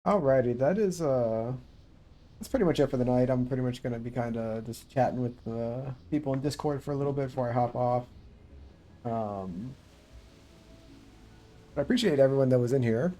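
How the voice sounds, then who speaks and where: A man's voice: mid-range voice, moderate pace, pauses often, dark tone. A man streaming a game, chatting casually and laid-back, often chuckling and trailing into fillers. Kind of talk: casual livestream chat while gaming.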